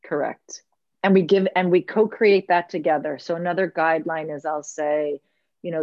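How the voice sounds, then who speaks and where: A woman with a lowish voice talks about her circle work in a slow, earnest way, leaning on the words that matter to her. The sound is dry and a little dull, like remote audio. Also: steady tone, darkish tone, no echo. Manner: earnest, unhurried, stretches key words. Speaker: guest, leads women's circles. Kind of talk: reflective podcast conversation.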